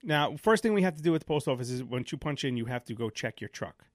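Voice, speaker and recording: A man's voice: mid-range voice, big pitch swings, quick pace, no echo, studio quality. A man, a mail carrier co-hosting a podcast, telling rambling stories in a casual chat. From New York. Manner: rambling, self-interrupting anecdotes.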